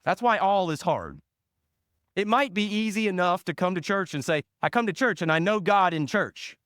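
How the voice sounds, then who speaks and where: A man preaching a sermon as pastor, leaning hard on single words and letting phrase ends fall soft and low. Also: expressive, dry recording, clean studio sound. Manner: slow, emphatic stress on single words.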